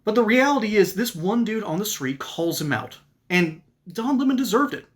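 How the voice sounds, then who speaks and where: A man's voice: high-pitched, lively intonation, moderate pace. A man giving sarcastic, mocking political commentary in an opinion monologue. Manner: reads ad copy.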